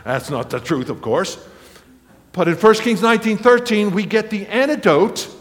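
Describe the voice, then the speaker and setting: A man's voice: high-pitched, expressive, normal speed. A male pastor preaching a sermon, telling stories animatedly with acted quotes and chuckles. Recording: long reverb of a large hall.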